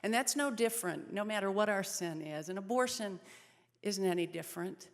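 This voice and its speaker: A woman in her thirties with a mid-range voice speaks at a moderate pace, giving an earnest personal testimony at a pregnancy center event. She tells her story sincerely, her voice softening in the sad moments. The event hall adds a long reverb to the recording.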